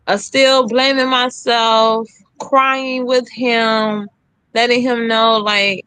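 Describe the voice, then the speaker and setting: A woman's voice: a little high, fairly even intonation, slow pace, a bit bright, smooth, dry recording. A young woman candidly telling her own story, re-enacting the lines of others with emphasis. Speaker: guest sharing her story.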